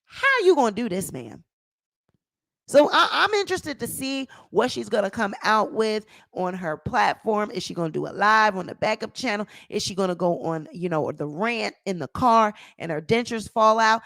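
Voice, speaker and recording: A woman's voice: medium pitch, lively intonation, moderate pace, vocal fry, fairly bright tone, no room sound. A woman hosting a gossip commentary channel, talking emphatically and repeating phrases for effect. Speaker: channel host.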